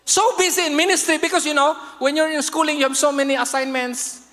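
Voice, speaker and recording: A man with a Filipino accent preaching a sermon, telling stories in an animated way, acting out voices and singing snatches of songs. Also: very high-pitched, quick pace. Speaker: pastor. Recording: long hall reverb.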